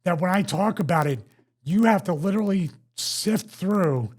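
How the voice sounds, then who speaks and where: A man with a Philadelphia accent hosting a casual podcast, losing his voice, talking in an animated way. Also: high voice, normal speed. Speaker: host.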